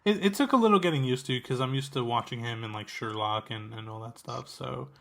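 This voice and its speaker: A man co-hosting a movie podcast, talking in a relaxed, hedging way. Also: medium pitch, a little fast, vocal fry, slight background noise. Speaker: podcast co-host. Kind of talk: casual podcast chat.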